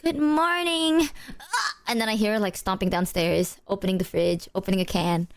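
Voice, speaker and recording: A young woman in casual chat, telling stories with lively impressions and frequent laughter. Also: fast talker. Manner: animated storyteller, imitates others in high voices.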